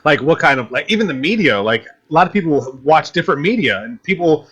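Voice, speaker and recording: A man's voice: on the high side, big pitch swings, fairly quick, a bit bright, slightly rough. A man hosting a casual discussion, rambling and searching for words with many restarts. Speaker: podcast host. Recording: dull lo-fi sound.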